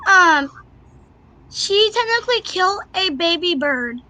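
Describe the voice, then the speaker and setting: Very high, bright giggly woman. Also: expressive, measured pace. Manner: giggly, rambling. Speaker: host. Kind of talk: casual group chat.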